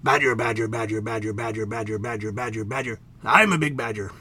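A man playing a deluded fellow who believes he is a badger, chanting in a low sing-song. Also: brisk, sharp tone, slight background noise.

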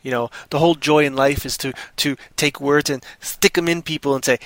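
A man's voice: fairly high pitch, steady tone, brisk, fairly bright tone, no echo. A man hosting a live stream, telling an improvised story and teasing his co-host in a playful, goofy way.

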